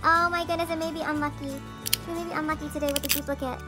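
Over background music, a woman with a high-sitting voice and little pitch movement speaks very fast while unboxing toys. She gushes and gasps in a sing-song way, cooing at the dolls in her excited chat.

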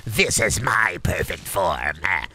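A man's voice: sits low, lively intonation, takes it slowly, sharp tone, voice pushed down, full character voice. A man voicing a boastful, menacing insect-like male villain who trash-talks crudely during a game stream. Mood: gloating. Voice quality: gravelly. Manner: gloating, crude trash-talk.

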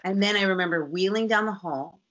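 A woman guest on a podcast, recounting a personal story in an animated way, often acting out what others said and laughing. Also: medium pitch, a little fast, muffled recording. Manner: animated, acts out quoted voices, laughs often.

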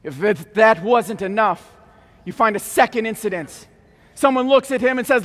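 A man with a very high, bright, forceful voice preaches a keynote sermon to a large hall. He acts out the scripture dramatically, swinging between quiet reflection and sudden loud outbursts, and his words ring with a long reverb. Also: moderate pace.

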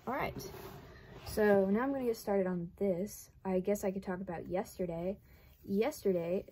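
A young woman from the southern United States with a light Southern accent, rambling in a casual vlog while she sews, full of "like" and wry self-deprecating asides. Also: mid-range voice. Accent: light Southern American. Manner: rambling, chatty, says "like" often. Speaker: vlogger. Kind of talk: casual chat while sewing.

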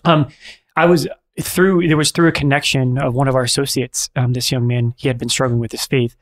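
Friar guy telling a story in a chat, earnest, lots of restarts, medium pitch. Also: level tone. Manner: earnest, halting, many restarts. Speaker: priest and friar. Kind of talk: conversational storytelling.

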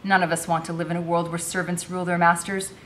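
A woman reading as a lecturing formal gentleman. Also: lowish voice, level tone, fast talker, slight background noise, natural voice. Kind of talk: reading a novel aloud.

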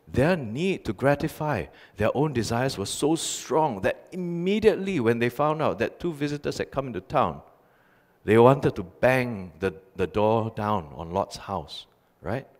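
A man's voice: medium pitch, lively intonation, measured pace. A male pastor preaching a sermon, telling stories animatedly with emphatic repetition. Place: church sanctuary. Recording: long church reverb.

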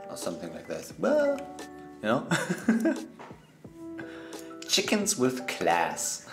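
A man gives live gameplay commentary in a loose, joking way, chuckling and chatting to the creatures on screen. His voice is lively and bouncy in pitch, and he takes his time with his words. Soft music plays faintly behind him. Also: extremely slow, pauses often. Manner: playful, chatty, laughs often, talks to game animals. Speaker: gaming streamer.

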